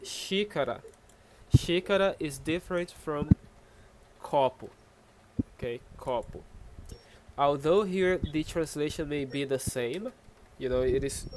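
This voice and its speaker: A man's voice: a little high, background noise. A Brazilian man teaching Portuguese online in English with a Brazilian accent, explaining patiently and checking in with "okay?" often. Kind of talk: online language lesson.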